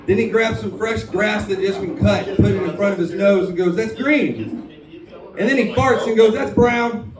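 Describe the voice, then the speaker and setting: A male stand-up comedian with a high-pitched voice tells jokes at normal speed on a bar stage, drawling and self-deprecating into a handheld stage mic. The recording is distant and echoey, with the bar crowd audible.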